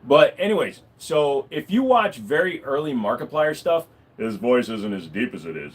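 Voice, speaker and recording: A man's voice: mid-range voice, normal speed, hardly any pauses, breathy edge. A man chatting casually on a livestream, rambling and swearing freely. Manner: animated, swearing, rambling with fillers. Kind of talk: casual live-stream chat.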